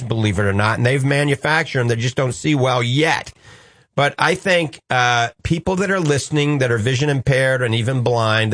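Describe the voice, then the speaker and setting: A man's voice: mid-range voice, fairly bright tone, no room sound, clean studio sound. A man with a New Orleans accent hosting a call-in radio show, upbeat and reassuring with a joking streak.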